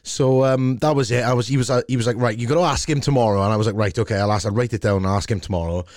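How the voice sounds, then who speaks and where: A man co-hosting a casual chat, easygoing and quick to laugh. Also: mid-range voice, a little mellow, no echo, studio quality.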